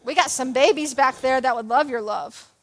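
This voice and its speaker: Young woman youth leader, high pitch, casual self-mocking sermon delivery. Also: moderate pace. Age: young adult. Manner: chatty, self-deprecating, animated with jokes and asides. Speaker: church youth and kids leader.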